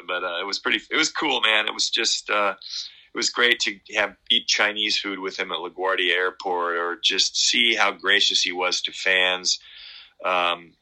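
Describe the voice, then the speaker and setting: A middle-aged man talking in a casual interview, rambling and halting with many fillers and restarts. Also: low voice, fairly even intonation, bright, forceful tone, low-quality recording. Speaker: guest musician.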